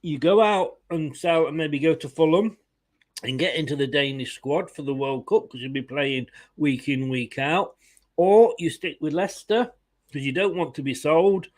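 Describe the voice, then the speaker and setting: A man's voice: on the high side, moderate pace. A man hosting a casual fan live stream, chatting, laughing and greeting viewers in the chat. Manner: chatty, laughs often, reads viewer comments aloud. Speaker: fan channel host.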